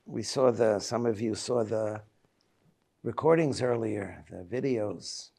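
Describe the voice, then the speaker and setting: A man in his seventies, a rabbi giving a reflective Tisha B'Av lecture, telling personal stories in a halting way. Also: on the low side, creaky, warm tone, slightly rough. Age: 70s.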